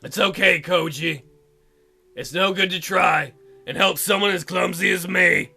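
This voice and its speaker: Guy doing a crybaby girl santa from a visual novel, wailing, gravelly, bright edge. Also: high voice, unhurried, faint music behind, voice pushed down, exaggerated voice. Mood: despairing. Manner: sobbing, wailing and self-pitying. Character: clumsy, tearful young woman Santa. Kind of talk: reading a visual novel aloud.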